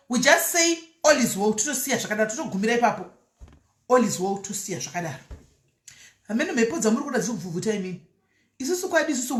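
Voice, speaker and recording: A woman's voice: medium pitch, roomy sound. A woman hosting a casual live stream, reading out viewer comments and chatting freely between Shona and English with frequent laughs.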